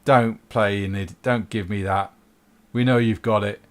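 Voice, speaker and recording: A man voicing an aggressive male cult thug who shouts threats and demands. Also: lowish voice, fairly even intonation, normal speed, lightly acted. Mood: threatening.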